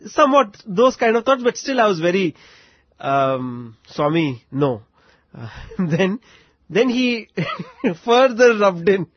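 A man's voice: sits high, big pitch swings, slow, husky, no echo. A man with an Indian English accent telling a personal story as an interview guest, reflective and often laughing, in a dry, slightly muffled recording.

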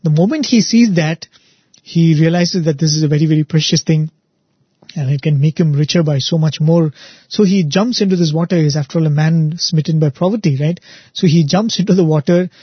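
A man gives an earnest devotional talk and repeats words for emphasis. His voice is fairly high with a husky edge. The recording is dry and slightly muffled. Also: fairly quick, no room sound. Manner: earnest, repetitive emphasis, frequent "right?". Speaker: spiritual speaker, show host.

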